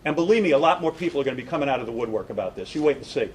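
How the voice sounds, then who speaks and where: A man's voice: mid-range voice, expressive, very fast, slight background noise, poor audio. A middle-aged man, a radio broadcaster, giving an indignant, sarcastic statement and taking questions at a press conference.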